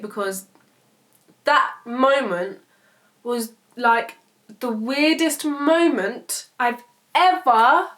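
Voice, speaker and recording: A woman's voice: a little high, fairly bright tone. A woman, telling a personal story to camera in a rambling, emotional way, swearing freely. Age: 20s. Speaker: vlogger. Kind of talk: casual storytelling vlog.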